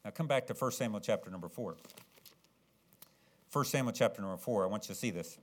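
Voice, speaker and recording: A man preaching a sermon, swinging from low, earnest tones to loud, dramatic, acted-out shouts. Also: brisk.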